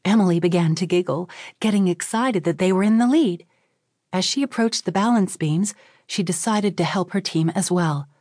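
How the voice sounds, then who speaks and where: A woman reading a children's audiobook as narrator in an expressive, clear storytelling manner. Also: fairly low pitch, normal speed, dry recording, studio quality.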